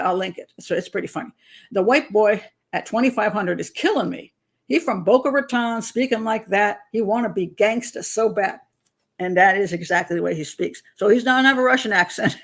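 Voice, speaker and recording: A woman hosting a true crime show, commenting on a case in a chatty, digressive way and laughing often. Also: medium pitch. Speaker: criminal profiler host.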